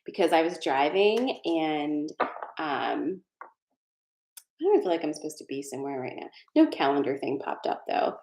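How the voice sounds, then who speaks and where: A woman's voice: deep voice, big pitch swings, moderate pace, darkish tone. A woman hosting a casual live tarot card reading, chatty and digressive, laughing often. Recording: roomy echo.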